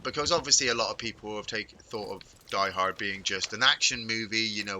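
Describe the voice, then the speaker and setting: Bright-voiced chatty man. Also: mid-range voice, rough recording. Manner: rambling, animated storytelling with chuckles. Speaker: streamer chatting with viewers while gaming. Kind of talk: casual live-stream chat.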